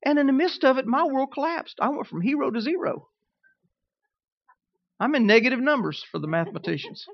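A middle-aged man preaching a sermon, telling humorous stories with lively rising emphasis. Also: very high voice, a little fast, creaky, no room sound, highs cut off.

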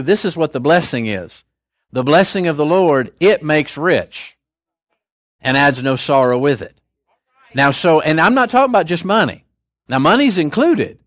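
A man's voice: a little high, dry recording, studio quality. An older man preaching a sermon in a conversational, storytelling way, with folksy asides between scripture points.

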